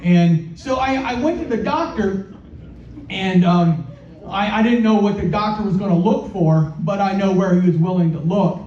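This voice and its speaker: Man, stand-up comic, high voice, halting self-deprecating delivery, roomy club sound, distant dull mic. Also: darkish tone, slight background noise. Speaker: stand-up comedian. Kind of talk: stand-up set. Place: comedy club stage.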